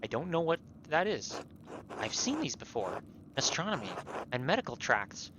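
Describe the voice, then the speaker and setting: A man streaming a story game, thinking out loud and reacting casually with the odd curse. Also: fairly high pitch, very animated, moderate pace, noisy background. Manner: thinking aloud, swearing, laughing at the game. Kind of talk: let's play commentary.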